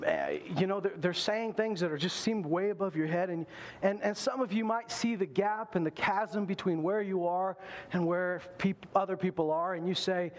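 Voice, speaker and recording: A male pastor preaching a sermon in an animated way, acting out the voices he quotes. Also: high voice, normal speed.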